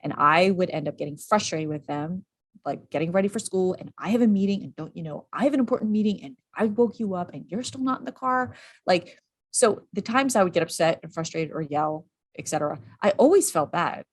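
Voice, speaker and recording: Animated woman coaching parents. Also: fairly low pitch. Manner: animated, quick, acts out quoted lines. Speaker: parenting and school behavior coach. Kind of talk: casual interview talk.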